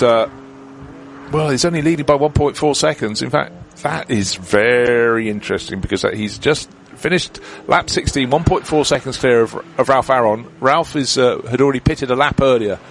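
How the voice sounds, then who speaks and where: A man giving live motorsport commentary, chatty and explanatory as he breaks down the race. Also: medium pitch. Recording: commentary with loud car noise behind.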